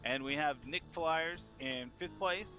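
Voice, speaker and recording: Guy doing excited play-by-play for a bus race, bright kinda high voice. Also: measured pace, soft background music. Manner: eager, builds excitement at crashes. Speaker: race commentator. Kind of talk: play-by-play commentary.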